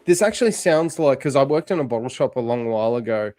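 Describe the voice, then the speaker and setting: A man's voice: medium pitch, animated, fast, mellow, dry recording. A man from Australia, a guest chatting casually and rambling through side stories. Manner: rambling storyteller, many fillers and restarts. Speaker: guest streamer. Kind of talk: casual chat.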